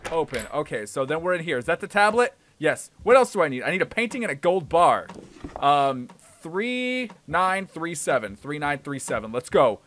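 Lively, bright-voiced young gamer guy. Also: on the high side, a little fast. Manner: animated, swings from mumbling to excited yelling. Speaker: gaming YouTuber. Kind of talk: let's play commentary.

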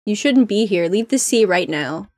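A woman's voice: medium pitch, lively intonation, moderate pace, a little mellow, dry recording, clean studio sound, close to an everyday voice. A woman voicing an edgy, cold young shark boy who talks in curt threats. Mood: cold menace.

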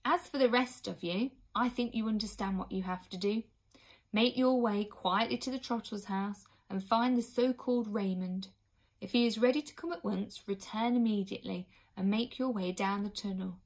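A woman reading aloud and voicing a grave king giving orders in a measured way. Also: mid-range voice, lightly acted. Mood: stern.

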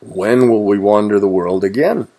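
A man's voice: fairly low pitch, moderate pace, warm tone. A man voicing a brave female wombat in a children's storybook, in a raised, eager voice. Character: wombat woman, brave, swift with her walking stick.

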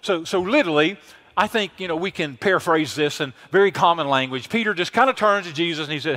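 A male pastor preaching a sermon in a church, paraphrasing scripture in a folksy, playful way and building to fervent, shouted exhortation. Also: on the high side, fast talker. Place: church sanctuary.

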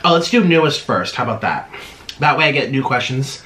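A man's voice: medium pitch, sing-song, fairly quick, sharp tone. A man chatting casually to viewers while eating, humming with his mouth full between sentences. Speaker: mukbang vlogger.

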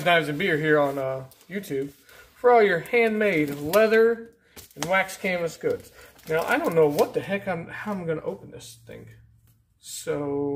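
A man hosting a casual mail-call vlog, rambling and easygoing as he opens packages, often trailing off into low mutters. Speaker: YouTube channel host. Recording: faint background noise.

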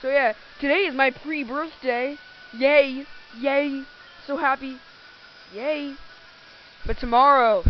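A woman's voice: high voice, steady tone, a little slow, slight background noise. A woman hosting a let's play, giving casual, rambling gameplay commentary and often correcting herself. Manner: rambling, self-correcting, giggly. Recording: dull lo-fi recording.

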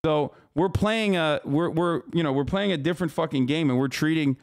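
Male streamer, slightly high voice, heated profane ranting commentary. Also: normal speed. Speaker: streamer reacting to news. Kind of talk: casual commentary.

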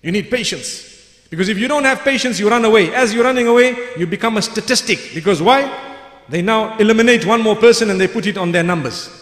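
A man's voice: sits high, quick pace, a bit bright. A man giving a sermon, telling a story in a vivid, emphatic way and repeating key phrases for weight. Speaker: Islamic preacher. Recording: echoey hall with long reverb.

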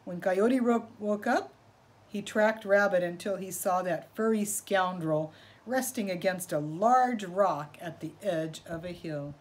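Expressive woman reading a storybook aloud. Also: medium pitch, measured pace. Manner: expressive, asking listeners questions. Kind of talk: reading a picture book aloud.

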